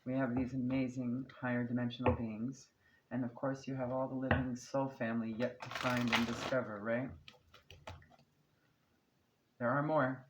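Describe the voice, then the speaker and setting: Over a very noisy background, a medium-pitched voice speaks at a moderate pace in a level tone. It belongs to a tarot card reader doing an easygoing, reassuring channeled reading, chatting, laughing occasionally, and checking in with "okay?" and "right?".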